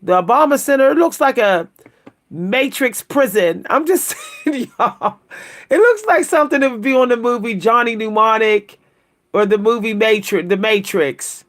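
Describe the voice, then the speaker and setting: High, animated woman squealing at her viewers. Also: moderate pace. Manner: animated, keeps exclaiming "what?" in a high squeal; laughs between remarks, talks to viewers as "y'all". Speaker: livestream host reacting to pictures. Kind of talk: casual livestream commentary.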